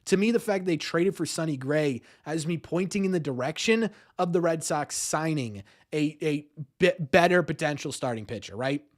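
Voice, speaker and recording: A man's voice: on the high side, lively intonation, moderate pace, few pauses. A man hosting a live-streamed sports talk show, rambling, repeating words and ending many lines with "right?". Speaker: podcast host.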